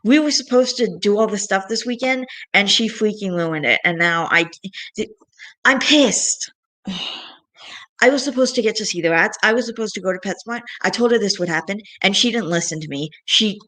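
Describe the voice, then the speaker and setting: A woman's voice: medium pitch, fairly quick, few pauses, fairly bright tone. A young woman talks straight to her camera in a casual vlog, venting about her frustrations. She rambles, restarts her thoughts and sighs often. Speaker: vlogger.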